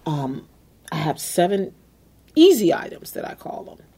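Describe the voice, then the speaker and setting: A woman's voice: on the low side, sing-song, a little slow, dark tone, slightly rough. A woman hosting a self-help podcast, coaching listeners step by step and repeating key phrases. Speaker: podcast host. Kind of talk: motivational self-help talk.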